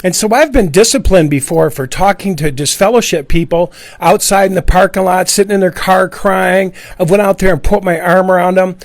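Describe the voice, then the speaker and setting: Middle-aged man, high pitch, passionate repetitive monologue. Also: brisk, few pauses, no room sound. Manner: earnest, repetitive, acts out quoted voices. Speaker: ex-Jehovah's Witness speaking out. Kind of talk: impassioned monologue.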